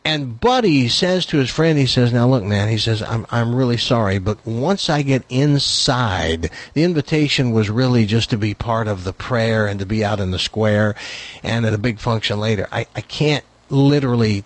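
A man telling a long joke in a casual, animated way, briefly voicing the characters in it. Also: medium pitch, no room sound. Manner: animated, voices the characters in his jokes; lively, quick-paced delivery. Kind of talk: joke storytelling.

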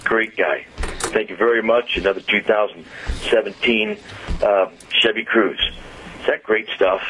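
A man's voice: fairly low pitch, fairly even intonation, pushed and bright, a little hiss or hum. A man talking casually on a radio show, rambling with many fillers and restarts. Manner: rambling, halting, full of fillers. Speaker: car dealer guest. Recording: dull lo-fi radio audio.

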